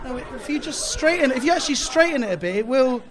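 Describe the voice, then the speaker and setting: High-voiced British stand-up man. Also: fast talker, some chatter behind. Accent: British English. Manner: boastful deadpan bravado, self-mocking. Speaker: stand-up comedian. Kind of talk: stand-up set. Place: comedy club, live audience. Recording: live club with audience laughter.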